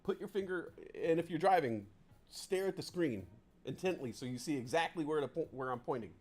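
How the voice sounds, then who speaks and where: A man's voice: a little high, animated, brisk, darkish tone. Rambling, chatty man hosting a livestream. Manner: rambling, self-deprecating, chatty. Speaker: livestream host. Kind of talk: casual livestream chat. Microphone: desk mic close up.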